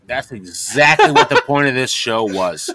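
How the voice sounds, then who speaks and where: A man's voice: medium pitch, lively intonation, normal speed, sharp tone. A man co-hosting a podcast, telling rambling, crude stories in casual chat. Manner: rambling storyteller, profane and joking. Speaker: podcast co-host.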